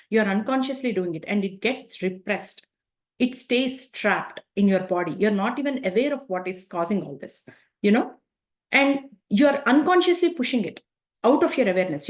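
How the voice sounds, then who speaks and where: A woman giving a spoken self-help talk in a conversational way, often adding tag questions as she explains. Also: on the high side. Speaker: speaker on emotions.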